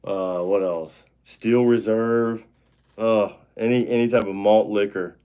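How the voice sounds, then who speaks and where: A man's voice: fairly low pitch, steady tone, slow, dark tone, smooth. Blunt, profane man in his thirties. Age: 30s. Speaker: show host. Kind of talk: casual live-stream chat.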